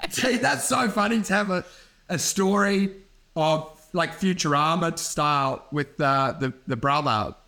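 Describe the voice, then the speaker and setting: A man's voice: fairly high pitch, unhurried, pushed and bright. A man, co-hosting a podcast with rambling, crude banter and acted-out voices. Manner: rambling, crude, acts out voices while laughing. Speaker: podcast co-host.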